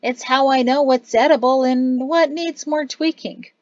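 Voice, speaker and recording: A woman's voice: high voice, fairly even intonation, unhurried, a little mellow, no echo, dull audio, pitched above the performer's own voice. A woman voicing a jovial, chatty male innkeeper and cook in an audiobook. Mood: cheerful. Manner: cheery, chatty, boastful.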